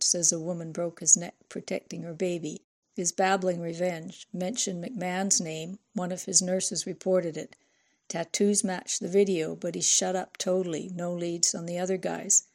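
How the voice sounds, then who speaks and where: A woman's voice: lowish voice, flat delivery, moderate pace, darkish tone. A woman reading a chatty, clipped email from a male friend. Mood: breezy. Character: breezy male friend writing a casual email.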